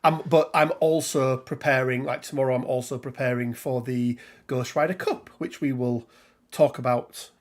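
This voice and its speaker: A man's voice: mid-range voice, fairly even intonation, normal speed. A middle-aged man from England hosting a casual live stream, rambling and greeting viewers by name. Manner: chatty, rambling, reads out viewer names. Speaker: host.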